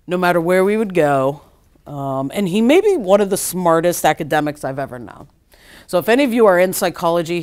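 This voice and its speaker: Chatty woman lecturing, slightly low voice. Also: a little mellow. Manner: casual, chatty, full of "like" and acted-out quotes. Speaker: keynote speaker; psychologist. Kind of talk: conference keynote lecture.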